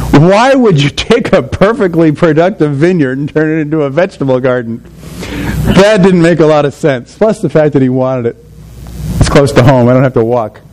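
A man's voice: on the high side, normal speed, a little mellow, a little hiss or hum, poor audio. A man preaching a sermon in a conversational way, often asking his listeners questions.

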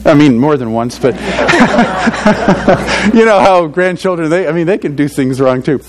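Earnest older male preacher, fairly high voice. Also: lively intonation, a little slow, noisy background. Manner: conversational, earnest, frequent "you know". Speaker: pastor. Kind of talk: sermon.

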